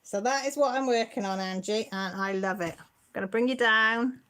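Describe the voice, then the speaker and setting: A woman's voice: a little high, normal speed, fairly bright tone. A middle-aged woman, hosting a casual livestream and chatting and teasing as she answers viewer comments. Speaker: channel host.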